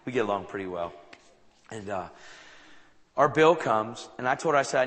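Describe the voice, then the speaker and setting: Lively male preacher in a booming hall. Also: moderate pace, long pauses. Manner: animated, acts out dialogue in anecdotes. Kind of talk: sermon storytelling. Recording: long reverb of a large hall.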